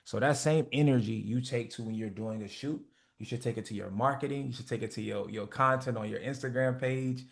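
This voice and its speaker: A man's voice: medium pitch, fairly quick, creaky. A man hosting a motivation call, talking in a blunt, profane, preachy way and acting out the people he quotes. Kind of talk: casual motivational talk.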